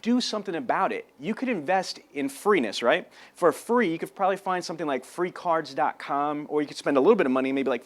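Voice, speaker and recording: Man, sales trainer, fairly high pitch, lively storytelling, talking to camera. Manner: animated storyteller, acts out phone calls. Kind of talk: energetic sales training talk.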